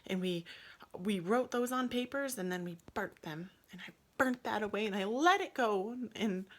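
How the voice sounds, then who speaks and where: A woman at a middle pitch tells her own story in a casual vlog. She is emotional, and her voice often sinks to a soft near-whisper. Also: expressive, moderate pace. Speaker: yoga vlogger telling her birth story.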